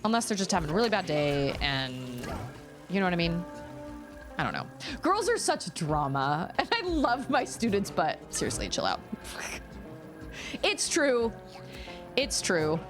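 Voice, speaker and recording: Chatty low-voiced woman streamer. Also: a little slow, long pauses. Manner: chatty and expressive, rambling storytelling. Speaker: gaming streamer. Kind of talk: casual livestream chat while gaming. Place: at home. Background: faint game music.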